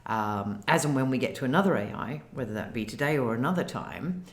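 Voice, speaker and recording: A guest in a casual chat, speaking deliberately with frequent ums and careful phrasing. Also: medium pitch, animated. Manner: measured and deliberate, many ums.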